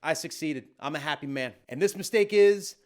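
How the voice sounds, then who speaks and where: A man's voice: on the high side, lively intonation, fairly quick. A man who is a DJ, giving casual, blunt and emphatic tutorial advice with slangy asides.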